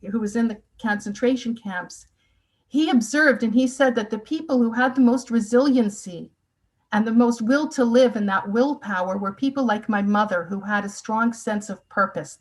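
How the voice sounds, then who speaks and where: A woman's voice: mid-range voice, rough recording. A woman in her sixties gives a personal testimony talk, telling her family's story with earnest, emotional emphasis. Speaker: speaker.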